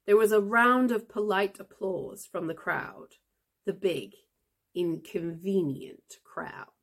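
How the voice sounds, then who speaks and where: A woman podcast host reading a fantasy novel aloud for English learners, in an expressive storytelling manner. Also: medium pitch, takes it slowly.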